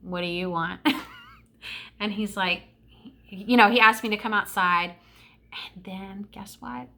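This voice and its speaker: A woman's voice: mid-range voice, slow pace, gravelly, sharp tone. A middle-aged woman telling childhood stories in a casual vlog, gushing and emotional, with lots of fillers. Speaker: vlogger. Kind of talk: casual storytelling.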